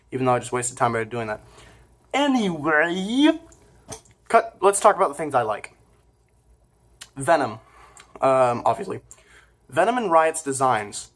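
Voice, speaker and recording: A man talks through a movie review in an offhand, casual way. He rambles, stops to correct himself, and fills gaps with hesitant fillers. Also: mid-range voice. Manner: informal and offhand.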